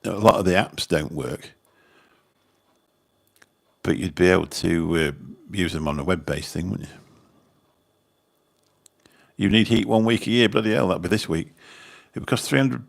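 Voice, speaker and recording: Birmingham man, livestream host, husky deep voice, meandering casual chat. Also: moderate pace, pauses often. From Birmingham, England. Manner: rambling, chatty, mild swearing. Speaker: channel host chatting with viewers.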